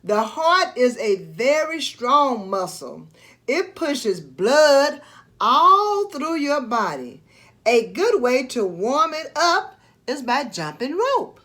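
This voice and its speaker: A calm cartoon mouse explains things gently and patiently, read by a woman doing a storybook. The voice is high and lively, and the pace is unhurried. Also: full character voice.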